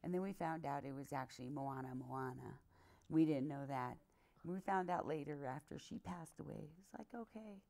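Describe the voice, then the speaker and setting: A woman's voice: low-pitched, normal speed, vocal fry, warm tone. A woman co-hosting a podcast in casual chat, a supportive listener who also shares stories about her own pets and her baby.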